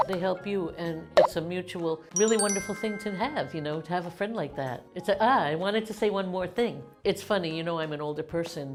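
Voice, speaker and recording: A woman in her sixties from the United States, talking heartfelt and warm to camera in a casual vlog, laughing often. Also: fairly low pitch. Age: 60s. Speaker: vlogger.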